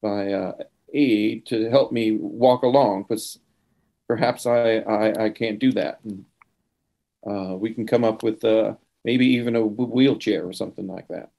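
A man's voice: fairly low pitch, steady tone, a little slow, gravelly, dark tone. A man playing a tabletop game, talking through a plan with frequent stammers and restarts. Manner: stammering, repeating words. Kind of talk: in-character game planning.

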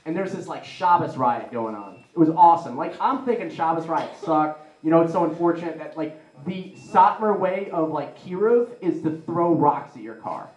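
A man doing live stand-up comedy, rambling and excitable, with lots of "like". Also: fairly high pitch, moderate pace, few pauses. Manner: rambling, excitable, heavy use of "like". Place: live comedy venue with an audience. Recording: roomy echoey live room.

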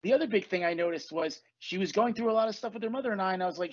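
A man's voice: high-pitched, rapid-fire, few pauses, no echo, lo-fi sound. A man hosting a casual spiritual podcast, telling stories with plenty of swearing and acting out what people said. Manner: profane, storytelling, acts out quotes. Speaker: podcast host and coach.

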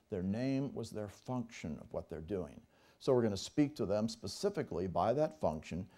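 A man's voice: lowish voice, warm tone. A man preaching a teaching sermon as pastor, reading scripture aloud and explaining it with emphasis. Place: church service.

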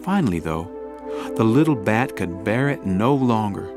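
A man narrating a children's storybook in an expressive, gently dramatic way. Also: lowish voice, moderate pace. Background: background music.

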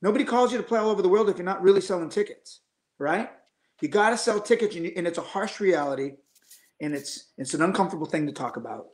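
A man's voice: sits high, expressive, quick pace. Blunt middle-aged man telling stories in a roomy space. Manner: blunt storytelling, swears freely, acts out quoted voices. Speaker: guest musician. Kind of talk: casual chat.

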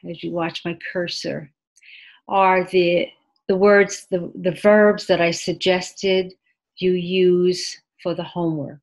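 A woman teaching an online English class, speaking patiently, repeating words and adding short Mandarin glosses. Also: lowish voice. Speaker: ESL teacher. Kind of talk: online class lesson with screen sharing.

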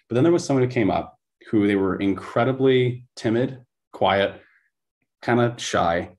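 Man, young adult coach on a podcast, low and emphatic, talks with intensity. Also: a little fast, a little mellow. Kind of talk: conversational interview storytelling.

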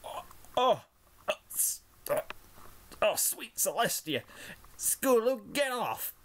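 Southern pony filly, high squeal, feisty. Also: male voice, very animated, takes it slowly, slight background noise, heavily acted. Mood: disgusted. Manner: high, yelping and threatening. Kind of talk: fanfiction reading.

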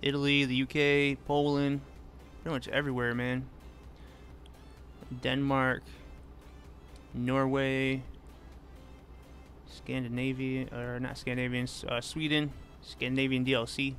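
A man's voice: mid-range voice, level tone, unhurried, pauses often, fairly bright tone, soft background music. A man casually chatting with his viewers while he plays a truck-driving game, reading their messages and answering them by name. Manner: laid-back, reads chat aloud and answers viewers. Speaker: gaming streamer. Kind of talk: casual live-stream chat while driving.

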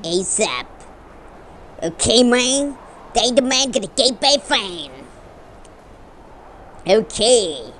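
A woman's voice: a little high, very animated, slow, pauses often, fairly bright tone, slight background noise. A woman giving rambling casual commentary while playing a game, often correcting her own slips. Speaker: gamer.

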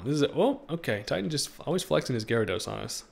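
A man's voice: mid-range voice, animated, racing, creaky. A young man giving playful let's-play commentary on a game, joking with the creatures he tries to catch. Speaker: gaming streamer.

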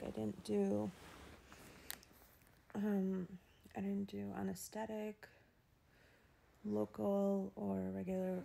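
Whispery gravelly-voiced woman in pain. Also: mid-range voice. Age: 30s. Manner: soft, often whispered, halting with many fillers. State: in pain, a little out of breath. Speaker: vlogger. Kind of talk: personal vlog. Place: doctor's procedure room.

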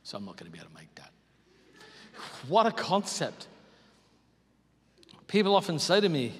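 A man preaching a sermon as pastor, moving between loud bursts and hushed near-whispers. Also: on the high side, breathy edge. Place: large church hall. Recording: hall reverb.

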